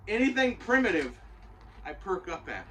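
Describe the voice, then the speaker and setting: A man's voice: sits high, big pitch swings, normal speed, pushed and bright, recorded from a distance, a little hiss or hum, rough recording. Rambling, profane man reviewing a show. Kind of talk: casual spoken review.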